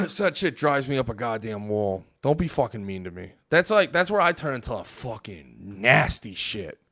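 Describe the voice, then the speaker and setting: A man's voice: medium pitch, big pitch swings, normal speed, pushed and bright, no room sound, clean studio sound. A young man hosting a livestream, ranting and swearing heavily as he talks back to his chat. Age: young adult. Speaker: livestream host. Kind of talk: casual stream commentary reacting to chat.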